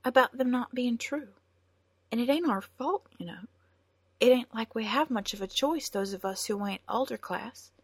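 A woman voicing a frightened, half-starved teenage girl who speaks in a high, trembling, countrified way. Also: normal speed, slightly rough, no room sound. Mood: earnest.

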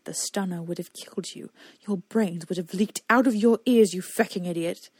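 A woman voicing a captive male enemy knight who talks smooth, cool and coaxing. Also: medium pitch, animated, normal speed, darkish tone, dry recording. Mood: heated.

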